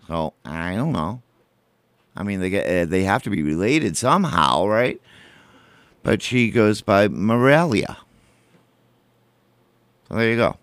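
A man's voice: lowish voice, expressive, normal speed, fairly bright tone, clean tone, no room sound. A man hosting a college radio show, chatting casually and rambling between songs, correcting himself and humming filler beats. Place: radio studio.

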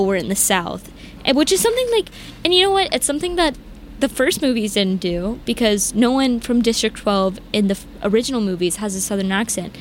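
A young woman co-hosting a casual chat, ranting animatedly with lots of "like" and big jumps in pitch. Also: slight background noise. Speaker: podcast co-host.

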